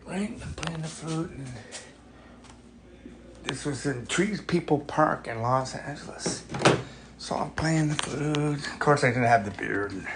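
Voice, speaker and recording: A man who plays flute and acts rambles through a story to the camera, full of fillers and restarts. His voice is a little high, with lively intonation and an unhurried pace. The mic is distant and the surroundings are noisy.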